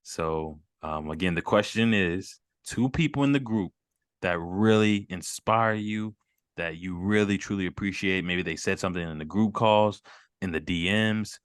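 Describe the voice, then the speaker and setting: A man's voice: sits low, moderate pace, smooth, no room sound, studio quality. A man hosting a casual group video call, encouraging and affirming the others with frequent murmurs. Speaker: group host.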